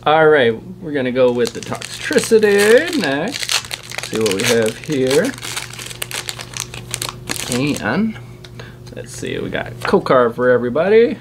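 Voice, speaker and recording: A man's voice: medium pitch, big pitch swings, slow, long pauses, background noise. Eager man reeling off card names. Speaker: channel host opening trading card packs. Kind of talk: casual chat while unboxing.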